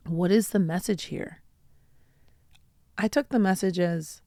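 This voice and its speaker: A podcast host tells personal stories on her own show with earnest, heartfelt sincerity. Her slightly low voice has a gravelly, fry-tinged texture and a warm tone, and she speaks slowly and deliberately. The sound is close and dry, with no room sound.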